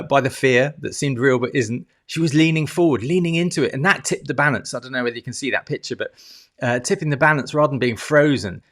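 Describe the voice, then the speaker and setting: Middle-aged guy coaching on camera, chatty and emotional, mid-pitch voice, keeps restarting and going ding ding. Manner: animated, wordy, restarts a lot, makes ding sound effects; emotional, swears casually. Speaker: life coach. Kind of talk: casual teaching monologue to camera.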